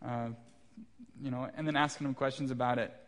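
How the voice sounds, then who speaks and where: With a steady tone at medium pitch and a brisk delivery, a pastor in his thirties preaches in a church sanctuary. His sermon features stories about his young kids, told with mild humor at his own expense.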